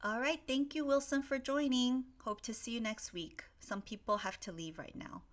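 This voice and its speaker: A woman teaching English grammar in a live online lesson, reading out viewers' sentences and gently correcting them. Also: a little high, fairly even intonation, moderate pace. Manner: spells out endings letter by letter, stretches key words.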